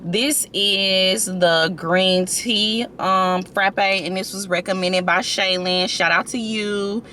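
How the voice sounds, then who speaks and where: Young woman vlogger, bright voice, chatty storyteller, recorded in a car. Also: mid-range voice, takes it slowly, slight background noise. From St. Louis, USA. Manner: chatty, animated storytelling with many fillers. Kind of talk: casual storytime vlog.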